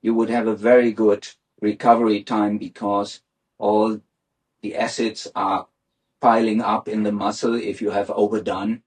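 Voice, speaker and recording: A man's voice: lowish voice, flat delivery, measured pace, a little mellow, low-quality recording. A man explaining things step by step as an interview guest, using examples.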